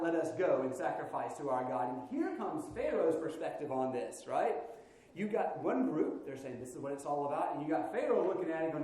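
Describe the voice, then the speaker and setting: A man's voice: fairly high pitch, sing-song, brisk, darkish tone. A man preaching a sermon in a church, conversational and playful, with frequent asides to the congregation. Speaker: pastor. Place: church sanctuary. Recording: very echoey church hall.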